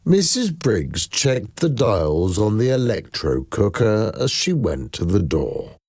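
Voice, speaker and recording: A deep-voiced man with a gravelly edge narrates a story slowly and dramatically. His pitch moves a lot, and the sound is dry and close. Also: big pitch swings, a little mellow, no room sound. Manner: slow and dramatic.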